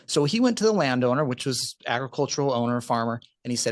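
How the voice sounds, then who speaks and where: A man guesting on a podcast, telling a client story in a lively, animated way with rising emphasis. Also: medium pitch, quick pace, no echo, clean studio sound. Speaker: podcast guest, retirement account specialist. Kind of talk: conversational storytelling.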